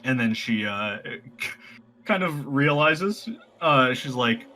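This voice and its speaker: A man playing in a tabletop role-playing game, describing his character's actions in a relaxed, halting way. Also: medium pitch, low-quality recording. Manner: relaxed, halting, full of fillers and laughs. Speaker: player. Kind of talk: tabletop role-play narration.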